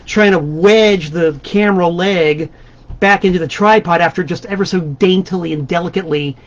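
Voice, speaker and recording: A man guest-hosting a band's live stream from his home desk, talking in a playful, mock-grandiose, rambling way. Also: high voice. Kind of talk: casual comic monologue. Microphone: webcam on his desk. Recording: dull lo-fi webcam stream.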